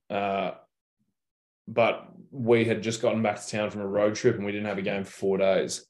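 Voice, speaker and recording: A man's voice: lowish voice, level tone, normal speed, darkish tone. A young Australian man telling stories in a casual interview, laid-back and slangy with plenty of swearing. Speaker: guest basketball player.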